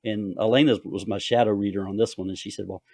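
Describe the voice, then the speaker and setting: A man's voice: lowish voice, steady tone, fast talker, darkish tone, breathy edge, dry recording, clean studio sound. A man with a Southern US accent, an author and podcast host chatting casually and rambling about writing. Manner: drawling, rambling storyteller.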